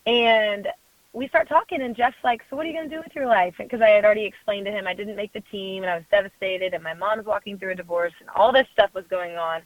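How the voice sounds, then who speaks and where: A young adult woman, a guest in an interview, telling a personal story in a lively way, acting out other voices and laughing often. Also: medium pitch, brisk, no echo. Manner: animated storyteller who acts out quoted voices and laughs often. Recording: phone-like dry sound.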